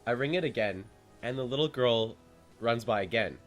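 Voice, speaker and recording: A man's voice: mid-range voice, normal speed, music in the background. A young man hosting a podcast, telling a story animatedly and often laughing. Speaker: podcast host. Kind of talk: casual storytelling chat. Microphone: call audio.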